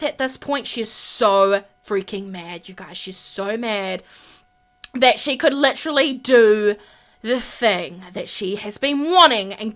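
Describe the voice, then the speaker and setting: High, bright-voiced woman gamer. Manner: animated, gasping and exclaiming. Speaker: gaming YouTuber. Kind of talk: let's-play game narration.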